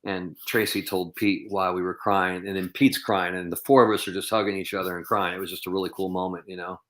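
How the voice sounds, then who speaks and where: Speaking low and briskly with little variation in pitch, this man has a slightly bright tone. He's a professional bowler guesting on a podcast, earnestly reflecting through long stories peppered with "um" and "you know."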